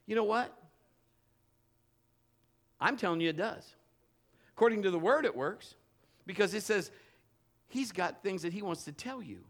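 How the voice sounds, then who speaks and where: Male pastor, slightly high voice, humorous storytelling sermon. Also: lively intonation, normal speed, long pauses, a bit bright.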